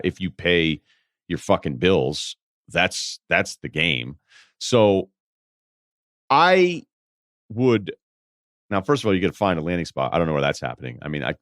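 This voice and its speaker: A man's voice: deep voice, no room sound, studio quality. A man hosting an advice podcast, talking casually and bluntly, rambling and swearing freely. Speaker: podcast host giving advice.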